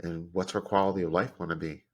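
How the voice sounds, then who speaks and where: A man hosting a podcast, telling a personal story in a halting, grief-stricken way with many restarts. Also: low-pitched, steady tone, a little mellow. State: grieving, close to tears. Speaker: podcast host.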